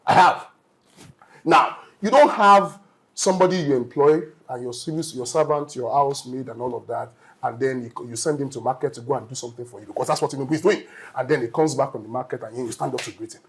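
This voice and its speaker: Emphatic Nigerian man, lecturing. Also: a little high. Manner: emphatic, lecturing, repeats "you understand?". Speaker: studio guest. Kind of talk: panel debate.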